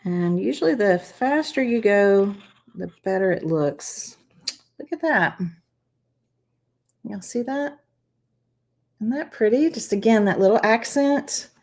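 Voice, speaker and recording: This craft channel host has a medium-pitched, expressive, slightly mellow voice, speaking slowly with frequent pauses. On her live stream she chats and encourages viewers while demonstrating each step.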